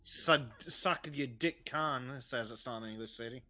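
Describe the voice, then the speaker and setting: A man's voice: mid-range voice, unhurried, pushed and bright, a little hiss or hum. A man who is a guest on a casual stream, talking bluntly and crudely.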